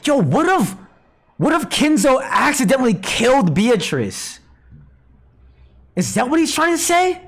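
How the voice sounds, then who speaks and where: A man streaming a visual novel playthrough live, theorizing aloud in an excitable, profane way. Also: very high voice, a little slow, pauses often.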